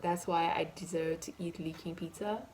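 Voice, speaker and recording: A woman, telling a storytime vlog story in an animated, emphatic way and acting out the dialogue. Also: on the low side, normal speed, a little hiss or hum. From Namibia. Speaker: vlogger.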